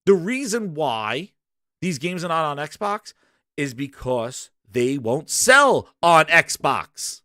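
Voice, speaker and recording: Hosting a gaming podcast, a young man rants in an animated opinion piece, arguing emphatically and addressing listeners directly. His high-leaning voice is very animated and sharp-toned yet slow-paced, recorded in clean studio sound with no room noise.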